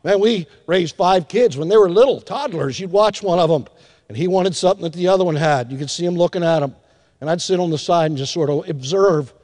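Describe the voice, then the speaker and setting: An older man with a high-sitting voice preaches a sermon as pastor, animated and acting out little scenes with hushed asides and drawn-out emphasis. The recording carries a long hall reverb.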